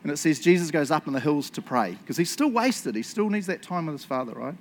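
A man preaching a casual sermon, telling stories in an excitable, chatty way and laughing along. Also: on the high side, a little fast, a little hiss or hum.

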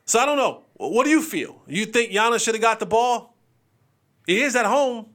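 A young adult man hosting a casual sports podcast, joking, animated and restarting his sentences often. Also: extremely high pitch, normal speed. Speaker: podcast host.

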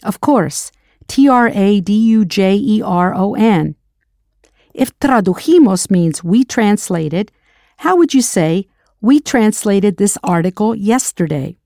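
Mellow-voiced woman teaching a language lesson. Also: medium pitch, expressive, slow pace, dry recording, clean studio sound. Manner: spells words letter by letter, then prompts the learner.

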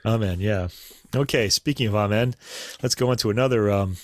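Man, low voice, relaxed podcast chat, dry close sound. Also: fairly quick, no echo. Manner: relaxed, chatty, with fillers and asides. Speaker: podcast co-host. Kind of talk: casual chat about classical recordings.

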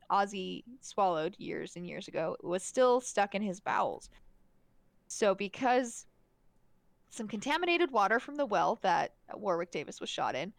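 A woman's voice: mid-range voice, vocal fry, no echo. Chatty woman recapping a movie, dry mic. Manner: chatty, laughs often, many fillers and restarts. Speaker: podcast co-host. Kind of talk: casual chat reviewing a movie.

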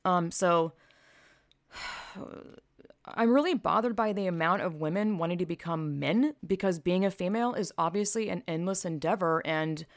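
A woman's voice: on the low side, moderate pace, no room sound, clean studio sound. A woman commentator reading posts aloud and reacting with blunt, sarcastic, profane remarks. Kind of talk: opinion vlog commentary.

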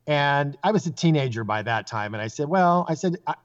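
A man's voice: on the high side, fairly quick. Guy telling ghost stories on a show, does the voices, kinda muffled lo-fi audio. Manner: animated storyteller, acts out quoted voices. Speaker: psychic guest. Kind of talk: casual storytelling. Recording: dull lo-fi sound.

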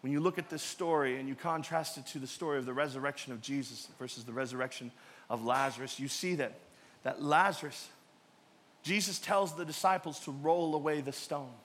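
A male pastor preaching a sermon, swinging between loud emphatic peaks and quiet, low asides. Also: fairly even intonation, fairly quick, slight background noise.

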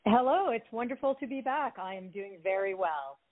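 A woman with a French Canadian accent, a native French speaker, answering interview questions in a friendly, measured way. Her voice comes through a tinny phone line. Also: on the high side, lively intonation. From Canada (Ottawa). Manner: friendly, measured, light laughs. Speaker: author guest. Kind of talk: interview conversation.

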